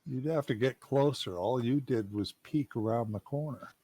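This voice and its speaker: A man running a tabletop game as game master, narrating scenes and answering players in a calm, measured way. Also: mid-range voice.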